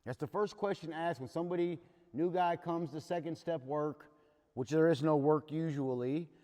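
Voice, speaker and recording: A fairly high-voiced man leads a recovery workshop. He talks candidly and plainly, like he's sharing his own story with the group. His voice rings out with a long reverb in a big meeting hall. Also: normal speed, dark tone. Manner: earnest, plain-spoken storytelling.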